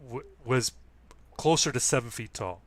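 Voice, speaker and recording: A man's voice: medium pitch, moderate pace. Rambling man telling a story. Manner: rambling storyteller with many restarts. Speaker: guest. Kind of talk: casual chat.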